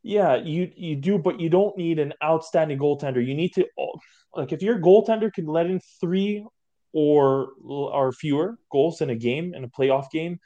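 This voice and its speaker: A man's voice: a little high, moderate pace, mellow, highs cut off. A man co-hosting a sports podcast in casual chat, firm and argumentative in how he makes his point. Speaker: podcast co-host.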